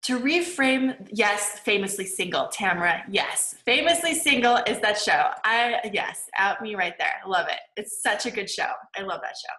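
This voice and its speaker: A woman's voice: medium pitch, animated, moderate pace, few pauses, bright, forceful tone, roomy sound, low-quality recording. A woman manifesting coach giving a casual online lecture, chatty and full of "like". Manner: chatty, peppered with "like" and laughs.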